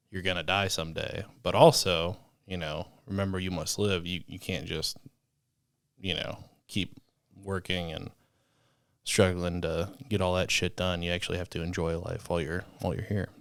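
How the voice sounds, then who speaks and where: Low-voiced guy cohosting a podcast, thinks out loud, goes on explaining stuff. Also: flat delivery, measured pace, smooth, no echo, clean studio sound. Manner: explains things at length, thinking aloud. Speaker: podcast co-host. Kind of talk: casual chat.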